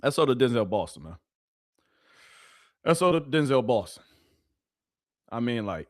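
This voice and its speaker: A man's voice: lowish voice, normal speed, pauses often, dry recording. Male live-stream host, chatty and repetitive, dry close sound. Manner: animated, repeats phrases, talks to chat. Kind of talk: casual live-stream commentary.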